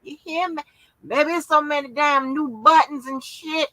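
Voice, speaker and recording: With music playing in the background, a tired livestream host casually chats with viewers, swearing freely and using lots of fillers. Her high-pitched voice keeps fairly even intonation at a moderate pace, in a low-quality recording.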